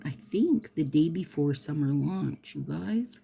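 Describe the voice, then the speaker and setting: A woman chatting casually as she does her nails, gushing and trailing into soft murmurs, with faint music behind. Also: low-pitched, expressive, unhurried, creaky. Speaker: nail product vlogger. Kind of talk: casual chat while doing nails.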